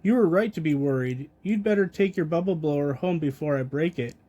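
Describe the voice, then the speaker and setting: A storybook reader plays a bumbling, good-hearted cartoon starfish, big and clumsy and not too bright. The voice is mellow and a little raised, slow and simple. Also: male voice, a little high, lightly acted. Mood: goofy.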